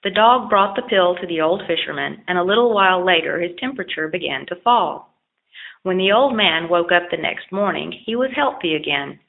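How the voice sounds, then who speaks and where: A woman narrating a children's storybook aloud in a steady, expressive read-aloud manner. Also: fairly low pitch, normal speed, creaky. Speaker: audiobook narrator. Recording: lo-fi phone-like audio.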